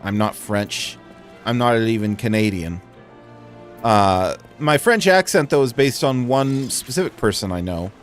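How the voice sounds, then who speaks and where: An American man talks through his gameplay in a casual, chatty way. His pitch moves around a lot. Faint game music plays underneath. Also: expressive, unhurried. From United States. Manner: chatty, self-deprecating asides. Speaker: let's play host.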